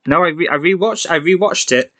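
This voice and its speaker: Bright, chatty young man on a podcast. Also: on the high side, lively intonation, a little fast. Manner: chatty, self-deprecating, laughs often, many restarts. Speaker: podcast co-host. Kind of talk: casual podcast chat.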